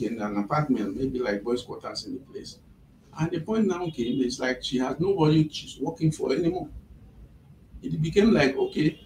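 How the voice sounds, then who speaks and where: A man's voice: fairly high pitch, warm tone, a little hiss or hum. A man, retelling events step by step as an employer's representative in a mediation session. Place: office. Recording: echoey room from a distant mic.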